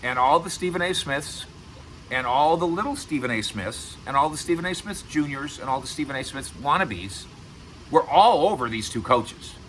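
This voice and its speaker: Bright-voiced middle-aged male sports host. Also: a little high, animated, moderate pace, a little hiss or hum, low-quality recording. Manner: emphatic, repeats words for stress. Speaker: sports radio and video host. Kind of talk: casual sports commentary to camera.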